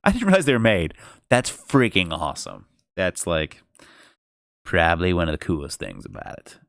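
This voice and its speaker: A man with a low, gravelly voice reading a storybook and chatting in a casual, joking way. His pitch swings widely and animatedly, and the sound is close and dry. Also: normal speed, no room sound. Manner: animated, joking, swears freely. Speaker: streamer reading novelizations aloud.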